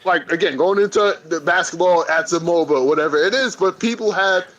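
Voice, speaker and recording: A man with a high voice lays out his opinions in casual podcast chat. He talks emphatically, with slang and profanity. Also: brisk, fairly bright tone, poor audio. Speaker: podcast co-host.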